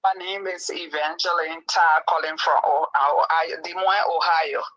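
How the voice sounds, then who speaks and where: A woman caller on a phone-in show, speaking in a fluent, steady flow. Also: sits low, normal speed, no echo. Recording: muffled dry call audio.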